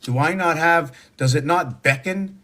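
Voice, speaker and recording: A man's voice: on the high side, a little slow, fairly bright tone. A man in his sixties giving a rambling, preachy spoken monologue full of rhetorical questions. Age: 60s. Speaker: social media monologuist.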